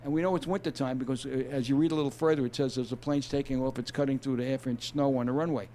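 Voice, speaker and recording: A man's voice: medium pitch, fairly even intonation, fast, mellow, a little hiss or hum. A middle-aged man, an author and former detective, speaking on a video call. He explains his craft in an easygoing way, reads aloud from his novel, and often restarts his sentences. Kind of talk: interview guest, reading aloud from his novel.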